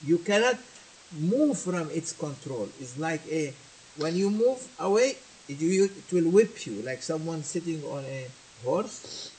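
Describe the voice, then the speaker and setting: A man's voice: a little high, big pitch swings, unhurried, a little mellow, slight background noise, low-quality recording. A man teaching a sermon, moving between languages and asking his listeners questions. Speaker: religious teacher. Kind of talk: sermon with translation.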